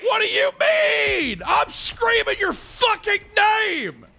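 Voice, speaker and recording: Man doing a shrill, bright-voiced drill commander, profane, shouting every line in game role-play. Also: measured pace, gravelly, heavily acted. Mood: furious yelling. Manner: yelling over comms, cursing, ends calls with "over". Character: bellowing foul-mouthed male squad commander. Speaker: streamer.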